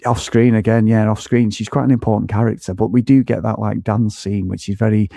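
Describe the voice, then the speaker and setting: Man, podcast co-host, gravelly voice, dark tone, dry sound, sweary, rambling. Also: on the low side, brisk, no echo. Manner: excitable, sweary, rambling with many restarts. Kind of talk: casual film review chat.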